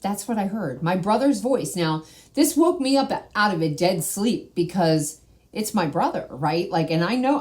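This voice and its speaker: A woman's voice: medium pitch, sing-song, normal speed, darkish tone. A woman host sharing a personal spiritual testimony in a conversational way, often asking "right?".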